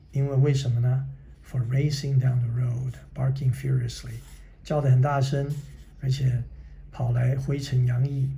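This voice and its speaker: A man reading a children's book aloud, pausing to explain and translate it, in a husky, careful manner. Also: mid-range voice, dark tone, a little hiss or hum. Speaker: reader.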